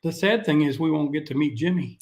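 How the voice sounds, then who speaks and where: A middle-aged man co-hosts a relaxed cruise live stream. He adds short, dry quips and joking asides to his partner's chatter. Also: on the high side, fairly quick. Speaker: cruise vlogger co-host. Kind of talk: casual live-stream chat.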